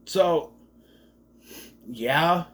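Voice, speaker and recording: A man's voice: a little high, drawn-out words, fairly bright tone. A man giving a casual, rambling movie review, sarcastic and swearing often.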